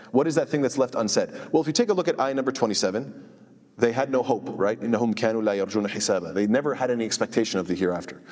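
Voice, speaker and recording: A man explaining scripture in a lesson, emphatic and quick, often posing rhetorical questions to his listeners. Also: on the high side, darkish tone, in a large hall. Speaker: Quran teacher.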